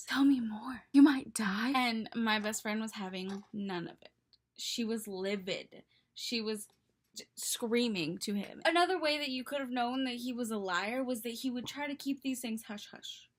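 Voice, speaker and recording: Animated young woman telling a story. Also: fairly high pitch, normal speed. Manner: animated, dramatic, breaks into laughter. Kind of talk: casual storytime. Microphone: webcam mic.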